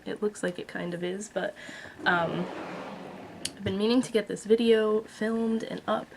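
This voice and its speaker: A woman beauty vlogger casually reviews a makeup palette, chatty and blunt with frequent fillers. Her medium-pitched voice has little pitch movement and a slightly slow pace, with background noise present.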